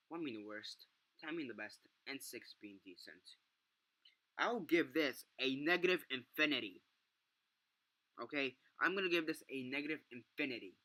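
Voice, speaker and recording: A young man with a strikingly bright, forceful voice rants through a film review. He swears freely and piles up fillers and false starts in loose, exasperated chat. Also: mid-range voice, moderate pace. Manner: profane, exasperated ranting with many fillers and restarts. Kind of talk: casual ranting review.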